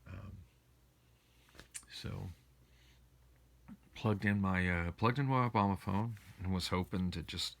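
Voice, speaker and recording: Weary low gravelly man. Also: slow pace, pauses often. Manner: weary, complaining, meandering with restarts. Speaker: vlogger. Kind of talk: rambling casual monologue. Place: at home. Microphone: phone camera.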